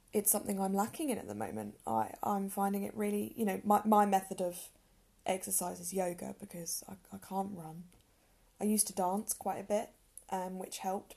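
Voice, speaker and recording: A woman's voice: mid-range voice, vocal fry, dark tone, slightly rough. A young woman hosting a podcast, talking in an earnest, chatty, self-deprecating way with frequent ums and small laughs. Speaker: podcast host. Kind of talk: casual solo podcast talk.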